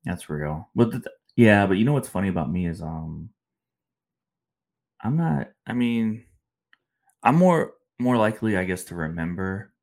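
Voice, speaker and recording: A man's voice: on the low side, expressive, unhurried, long pauses, darkish tone. A man hosting a podcast, chatting casually and telling rambling stories with slangy asides. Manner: laid-back, rambling storytelling with slangy asides. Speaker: podcast host. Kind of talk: casual chat.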